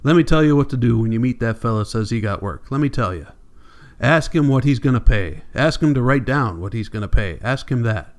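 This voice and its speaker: A ragged, bitter migrant man speaks with nervous urgency in plain country talk, as an audiobook reader plays him. His voice sits at a middling pitch. The storybook telling stays earnest and pressing. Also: normal speed, natural voice. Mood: pleading. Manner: earnest, urgent warning in rural speech. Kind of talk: audiobook character reading.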